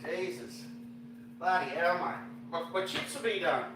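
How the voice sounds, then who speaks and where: A man's voice: sits high, lively intonation, a little slow, reverberant, noisy background. A middle-aged Australian man chatting casually on a livestream while cooking, rambling and greeting viewers with slang. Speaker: fishing vlogger cooking on a livestream.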